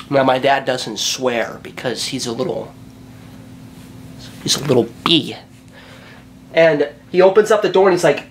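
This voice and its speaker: Animated, profane young man telling a story. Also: fairly high pitch, a little hiss or hum. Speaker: vlogger. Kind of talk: casual story time.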